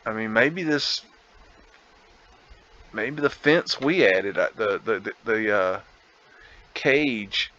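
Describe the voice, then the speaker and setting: A man's voice: lowish voice, slow, pauses often, pushed and bright, highs cut off. A man talking casually over a photo slideshow as host, musing aloud, laughing and rambling. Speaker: vlog host.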